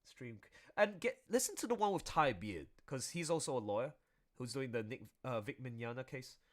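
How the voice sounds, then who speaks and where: A man chatting casually on his drawing stream, rambling through animated commentary. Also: mid-range voice, moderate pace. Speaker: artist streaming while drawing. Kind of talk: casual chat.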